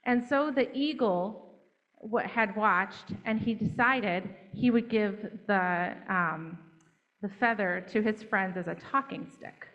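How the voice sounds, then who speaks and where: A woman telling a children's story at church in a gentle, interactive way, inviting the children to join in. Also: medium pitch, takes it slowly, dull audio.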